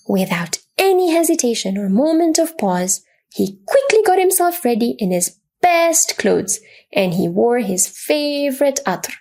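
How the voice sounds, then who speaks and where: A woman narrating a religious children's story in a slow, expressive, reverent manner. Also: a little high.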